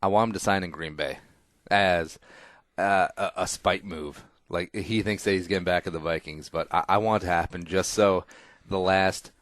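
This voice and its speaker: A man's voice: low-pitched, fairly even intonation, moderate pace, fairly bright tone, dry recording. A man hosting a casual podcast, opinionated and emphatic, rambling and swearing freely, on a close studio mic. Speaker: podcast host.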